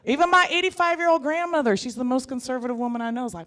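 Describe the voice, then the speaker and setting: A woman in her thirties performing a stand-up comedy set, animated and jokey, jumping into put-on voices. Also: sits high, very fast. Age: 30s. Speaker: stand-up comic.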